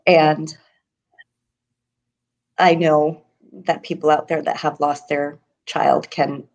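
Grieving mother, middle-aged, low voice, halting and emotional; interview guest on a video call. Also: level tone, a little mellow. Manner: halting, many ums, voice breaking with grief. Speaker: guest, mother of a murder victim.

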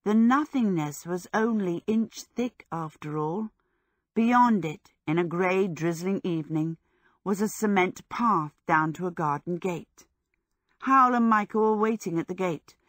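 Female audiobook narrator, measured storybook pace, dry close studio sound. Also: lowish voice, a bit bright, dry recording. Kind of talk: scripted narration.

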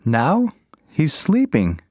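A man's voice: a little high, wildly swooping pitch, extremely slow, darkish tone, dry recording, studio quality, exaggerated voice. A man giving short, plain replies in a scripted dialogue for an English course. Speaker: speaker in a scripted textbook dialogue.

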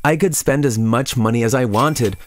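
Male narrator for an animated story, mid-range voice, steady scripted read, slight hiss. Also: mid-range voice, normal speed.

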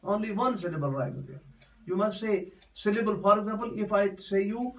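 A man's voice: high voice, normal speed, fairly bright tone, distant mic, poor audio. A man giving a classroom poetry lesson, explaining step by step and repeating himself often. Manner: repetitive, explains step by step with many restarts. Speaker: teacher.

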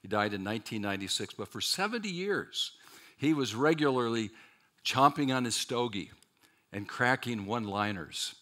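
At a seminary chapel, a man preaches in a mid-range voice at normal speed. He keeps it lively and dramatic, mixing in rhetorical questions and dry asides to those listening.

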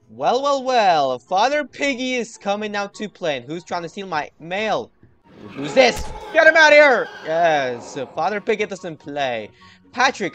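A young man commentating his gameplay with lots of energy, talking straight to his viewers. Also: high-pitched. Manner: energetic, talks to viewers, hypes himself up. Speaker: gaming video host.

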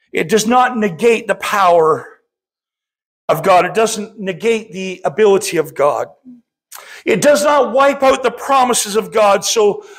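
Middle-aged pastor guy preaching hard, really high voice, gravelly edge, keeps calling out to the crowd. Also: fairly bright tone. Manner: impassioned preaching, often calling out to the congregation. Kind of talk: sermon.

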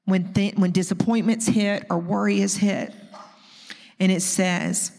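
A woman's voice: mid-range voice, steady tone, measured pace, creaky, a little mellow. A woman in her fifties delivers a heartfelt teaching message at a women's gathering. Her tone is earnest and personal, with easy asides to the audience. Her mid-range voice rings through a large hall with a long, trailing reverb. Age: 50s. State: close to tears. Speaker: women's ministry speaker.

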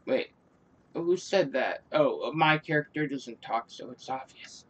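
A man's voice: medium pitch, animated, moderate pace, a bit bright. A man giving casual, joking commentary over a video game, mocking himself and swearing freely. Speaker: gaming video creator.

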